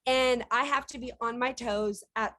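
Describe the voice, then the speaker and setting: Brief: lively mother of teens, higher voice, laughing storyteller. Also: moderate pace. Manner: animated storyteller, laughs often. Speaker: singer and guest. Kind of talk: casual radio interview.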